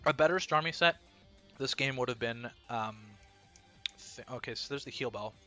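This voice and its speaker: A man's voice: mid-range voice, normal speed, sharp tone, soft background music. A man commentating his own competitive battle live, thinking aloud analytically with bursts of disbelief.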